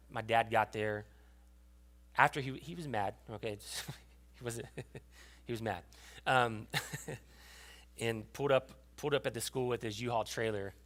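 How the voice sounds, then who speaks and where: A young adult man giving a sermon as pastor, telling a personal story with emotion and often dropping to a hushed voice. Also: on the low side, fairly even intonation, normal speed, pauses often. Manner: storytelling, emotional, drops to a hushed voice at tender moments.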